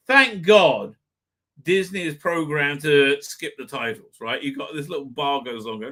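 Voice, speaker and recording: A man reviewing a TV episode in a rambling, profane monologue, swinging from casual summary to exasperated shouted rants. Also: a little high, normal speed.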